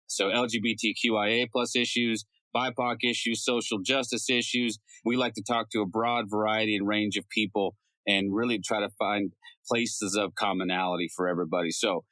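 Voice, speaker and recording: A man's voice: fairly low pitch, fairly even intonation, moderate pace, bright, forceful tone, no room sound, poor audio. A man reading a casual, joking promo for his podcast.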